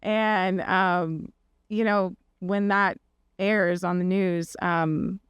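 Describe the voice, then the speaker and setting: Chatty woman with a smooth, clear voice. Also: fairly low pitch, steady tone, drawn-out words, no echo, dull audio. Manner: chatty, many fillers and "like"s, acts out quoted voices. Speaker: podcast guest. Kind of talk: casual storytelling.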